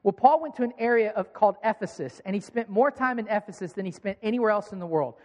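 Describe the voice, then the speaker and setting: Young guy pastor preaching, pretty high voice, chatty storytelling with lots of repeated words, big echoey church. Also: fast talker, darkish tone. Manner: conversational storytelling with frequent word repeats. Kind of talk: sermon.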